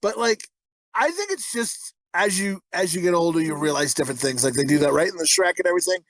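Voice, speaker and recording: A man's voice: high voice, lively intonation, fast, a bit bright, no room sound. A middle-aged man in casual podcast chat, swearing freely, laughing often and acting out quotes. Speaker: podcast co-host.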